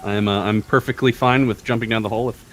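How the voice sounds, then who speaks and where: A man's voice: lowish voice, fairly even intonation, quick pace, a bit bright, slight background noise. A man playing a tabletop game, speaking in a matter-of-fact, practical way. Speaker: player. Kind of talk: casual tabletop game chat.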